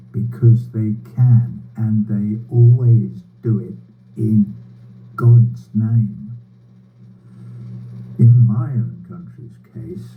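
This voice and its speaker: An older man giving a prepared, sardonic political speech over a video call, slow and bitter, with wry laughs and swearing. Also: on the low side. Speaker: speaker addressing a rally by video. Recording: tinny phone-like line with faint hum.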